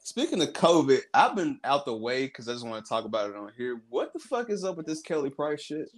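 A man's voice: mid-range voice, very animated, a little fast. A man co-hosting a casual podcast, teasing his friends in a playful way. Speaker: podcast co-host. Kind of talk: casual chat.

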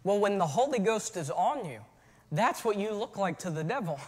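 A man preaching a sermon as pastor, moving from relaxed storytelling to shouted calls to his church. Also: sits high, normal speed, breathy edge, in a large hall.

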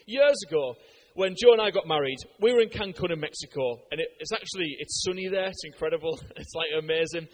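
An English man preaching a sermon in a conversational way, telling anecdotes with lively, animated delivery and frequent fillers. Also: a little high, fast talker. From Britain.

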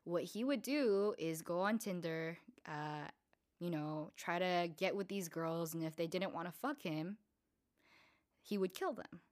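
A young woman hosting a casual storytelling podcast, chatty and profane, full of fillers, acting out the people she quotes with swings in pitch and loudness. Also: unhurried. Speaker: podcast host.

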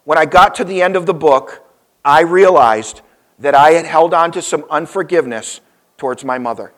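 A male pastor preaching a sermon, telling a story and swinging between loud emphasis and soft, low asides. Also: moderate pace.

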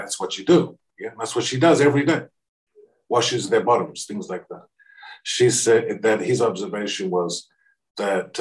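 A man from Australia, a guest speaker telling a story to a live audience. He acts out the quoted dialogue and often restarts his sentences. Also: on the low side. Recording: voice picked up from a distance.

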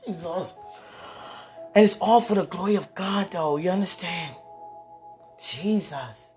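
A woman who ministers to her viewers in a casual spiritual talk, often breaking into exclamations of praise and moving between lively and hushed, prayerful tones. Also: mid-range voice.

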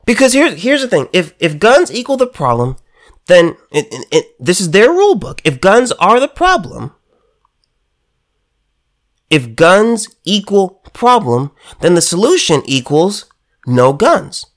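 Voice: medium pitch, big pitch swings, a little slow. A political commentator delivering a heated monologue, emphatic and sarcastic, often stumbling and restarting words.

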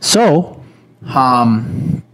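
A man's voice: medium pitch, big pitch swings, drawn-out words, fairly bright tone. A man casually telling a story to friends, rambling with many fillers. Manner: rambling, filler-heavy, swearing.

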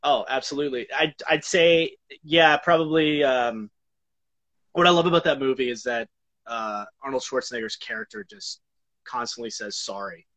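A man's voice: mid-range voice, a bit bright. Hesitant man in casual chat. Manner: hesitant, halting, many fillers.

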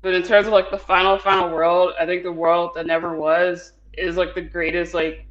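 A man's voice: high voice, flat delivery, moderate pace, a bit bright, lo-fi sound. A man chatting casually as a podcast co-host, rambling with many fillers and frequent laughs. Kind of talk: casual chat.

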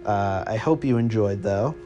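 A man with a fairly low voice tells a comic tale to the listener on his podcast. He rambles, swears freely and keeps breaking off mid-sentence. Soft music plays faintly behind him. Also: moderate pace, highs cut off. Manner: rambling, profane, self-interrupting. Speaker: podcast host. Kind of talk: comedic second-person storytelling.

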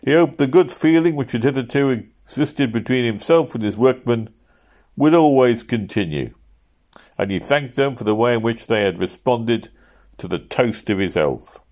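A man narrating a novel aloud at a steady pace, lifting his voice for shouted quotes. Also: mid-range voice, normal speed. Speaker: audiobook reader.

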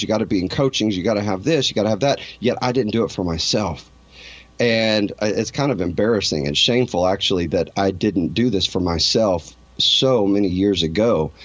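A man's voice: lowish voice, no echo, dull audio. A man being interviewed, telling a personal story in an earnest, emotional way and often restarting his sentences. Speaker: interview guest.

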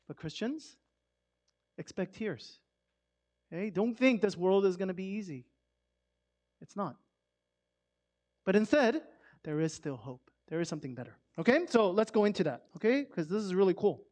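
A man preaching a conversational sermon with rhetorical questions, swinging between loud emphasis and a soft hush. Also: high-pitched, animated, normal speed, pauses often. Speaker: pastor.

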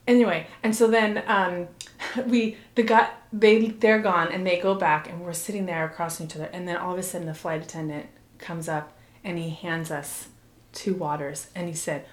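A woman's voice: medium pitch, fairly quick. A woman casually telling a funny travel story in a chat, quoting people as she goes. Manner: animated storytelling, swears, quotes people. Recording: roomy echo.

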